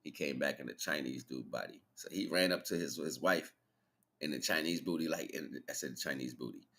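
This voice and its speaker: A man with a deep, low voice hosts his own livestream. He talks in a loose, rambling way, full of slang, and chuckles as he goes. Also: a little fast, a bit bright. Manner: rambling, slangy, laughs while retelling. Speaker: livestream host. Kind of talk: casual spiritual monologue.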